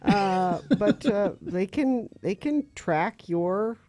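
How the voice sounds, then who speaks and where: A woman's voice: medium pitch, expressive, takes it slowly, dark tone. A woman co-hosting a morning radio show, teasing her co-hosts in casual banter. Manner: teasing, laughs often.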